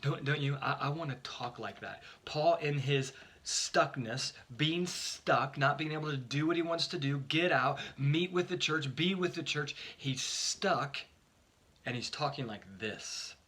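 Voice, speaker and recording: Earnest pastor with a bright voice. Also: male voice, on the high side, a little slow. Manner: earnest, emphatic, repeats words when starting phrases. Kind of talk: short devotional sermon.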